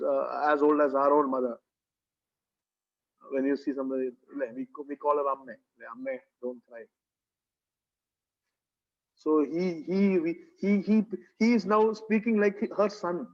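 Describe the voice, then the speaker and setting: A man's voice: a little high, fairly even intonation, normal speed. A man with a Kerala English accent preaching a sermon, earnest and repetitive, with rhetorical tag questions, in a church. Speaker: pastor. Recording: dull lo-fi recording.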